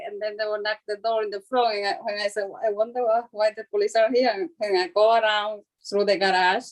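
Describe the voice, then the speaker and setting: A woman calling in to a show, a real estate agent telling a story in a chatty way and laughing often. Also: fairly high pitch. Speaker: caller. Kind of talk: casual storytelling on a call-in show.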